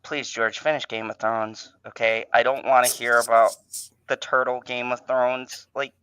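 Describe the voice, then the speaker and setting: A man hosting a casual fan podcast, swearing and stammering, swinging between exasperation and excitement. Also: medium pitch, moderate pace, clean tone, no echo. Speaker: host.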